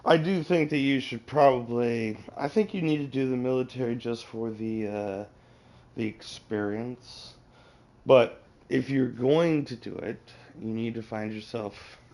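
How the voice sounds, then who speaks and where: Streamer: gravelly guy, rambling, swears a lot, loose casual chat. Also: mid-range voice, unhurried, a little mellow. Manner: profane, rambling, advice-giving. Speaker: game streamer.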